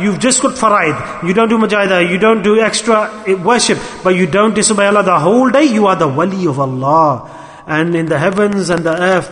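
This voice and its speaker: A man's voice: sits high, a little fast, a bit bright, big-room sound. A man preaching an earnest sermon, often repeating himself and mixing Arabic religious terms into his English.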